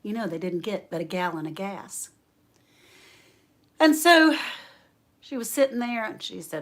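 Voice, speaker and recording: A woman hosting a homestead livestream, telling a story in a folksy, animated way. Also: medium pitch. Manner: slow, folksy, animated storyteller who laughs often. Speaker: homestead channel host.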